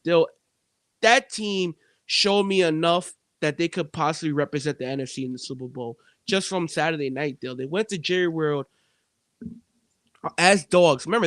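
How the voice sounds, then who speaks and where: A man co-hosting a sports betting podcast, talking in an animated way and turning to his co-host again and again. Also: fairly high pitch, no room sound, clean studio sound.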